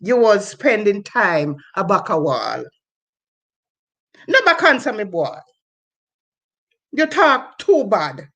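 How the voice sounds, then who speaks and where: A woman's voice: mid-range voice, very animated, takes it slowly, pauses often, a bit bright, full character voice. A woman with a Jamaican accent reciting dialect verse, voicing a parent who shames a son returned from abroad, over a video call. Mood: scolding. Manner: rhythmic, scolding dialect verse.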